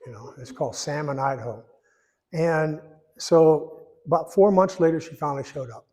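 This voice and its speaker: A man in his eighties giving a personal testimony in church, rambling and folksy, pausing when emotional. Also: on the high side, darkish tone. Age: 80s. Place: church sanctuary. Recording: echoey church hall.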